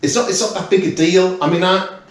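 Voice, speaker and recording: A man's voice: high voice, steady tone, fairly quick. A British man in his fifties, a guest in casual chat, talking earnestly and rambling with many restarts. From United Kingdom. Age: 50s. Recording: very echoey room, away from mic.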